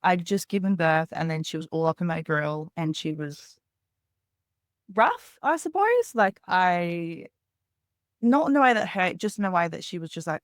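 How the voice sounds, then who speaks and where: A woman's voice: fairly low pitch, expressive, normal speed, dry recording, studio quality. A woman in her thirties, a podcast guest, telling a personal story candidly in a rambling way with lots of "like".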